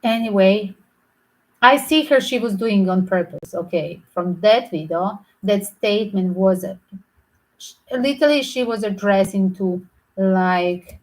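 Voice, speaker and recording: A woman speaking as a tarot reader in an unscripted vlog. She is opinionated and emphatic, and she rambles, often breaking off to restart a sentence. Her voice sits at an ordinary middle pitch. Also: a little slow, rough recording.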